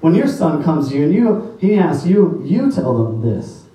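A man's voice: a little high, very animated, normal speed, dark tone. A man preaching a sermon as pastor, emphatic, quoting scripture in old-fashioned wording. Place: church sanctuary. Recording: very echoey church hall, mic at a distance.

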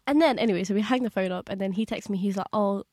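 A woman's voice: mid-range voice, fast, noisy background. A young woman, co-hosting a podcast and telling a story in casual chat, laughing and acting out quotes. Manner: chatty, laughing, acts out quotes in a raised voice. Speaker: podcast co-host.

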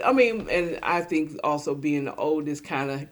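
A middle-aged woman, a podcast guest, talking casually and lively, acting out little voices as she tells stories. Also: low voice, moderate pace. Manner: animated, acts out voices in quotes. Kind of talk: casual chat.

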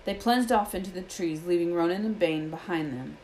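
A woman reading a children's fantasy novel aloud in a steady storytelling manner. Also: on the low side, fairly quick, slight background noise, poor audio. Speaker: audiobook reader.

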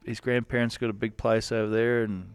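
A man's voice: fairly low pitch, flat delivery, fairly quick, smooth, no echo. A man with an Australian accent, a rodeo cowboy telling stories in a casual interview, rambling with lots of fillers and restarts.

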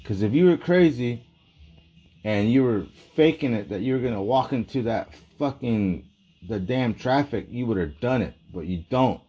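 A man's voice: mid-range voice, animated, normal speed, warm tone, breathy edge, lo-fi sound. A man delivering a rambling, profane, agitated monologue in casual talk.

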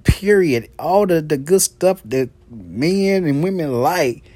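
A man's voice: on the high side, animated, slow, a little mellow, dry recording. Brash, profane man podcasting. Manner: brash, profane and gossipy, laughing often. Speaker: podcast host. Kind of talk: casual monologue.

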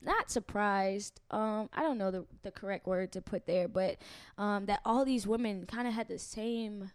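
A woman's voice: medium pitch, normal speed, smooth, dry recording, studio quality. A woman co-hosting a casual chat show, playful, laughing often and swearing casually. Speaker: podcast co-host.

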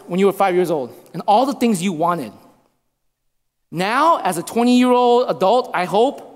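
A man in his thirties preaching a sermon as a pastor, repeating lines for emphasis. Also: high voice. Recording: long reverb of a hall.

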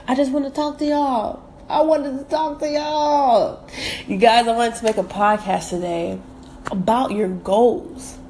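A woman's voice: mid-range voice, a little mellow, a little hiss or hum. A woman from the States, hosting a motivational podcast and repeating phrases for emphasis. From southern United States. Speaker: podcast host.

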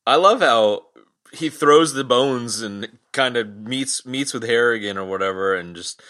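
A man's voice: mid-range voice, measured pace, sharp tone. A man co-hosting a podcast, joking and going off on playful tangents in casual movie chat. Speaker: podcast co-host.

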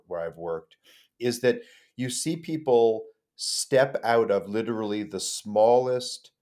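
A man co-hosting a podcast, talking in a reflective, measured way. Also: on the low side, a little mellow. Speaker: podcast co-host. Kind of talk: conversational podcast discussion.

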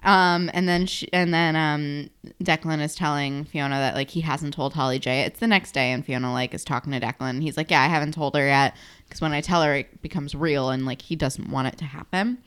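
A woman's voice: low-pitched, fairly even intonation, a little fast, a bit bright, clear, resonant tone. A woman co-hosting a casual podcast chat, talking expressively with lots of fillers and casual swearing. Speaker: podcast co-host. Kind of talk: casual chat recapping a TV episode.

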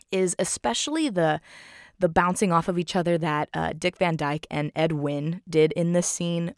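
A woman's voice: lowish voice, steady tone, normal speed, no room sound, studio quality. A woman recapping a film in a casual, enthusiastic way, full of fillers and "like".

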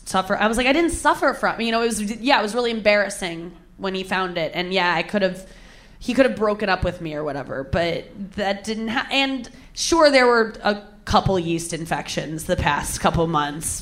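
A woman's voice: medium pitch, moderate pace, fairly bright tone. A young woman telling a crude personal story with candid, self-mocking humor, laughing often.

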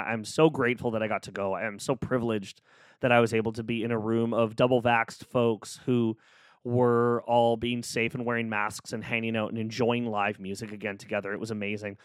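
A man's voice: lowish voice, fairly bright tone, clean tone, dry recording, clean studio sound. A man hosting a solo podcast, talking casually and cheering the listener on in a playful, upbeat way. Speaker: podcast host. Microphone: close studio microphone.

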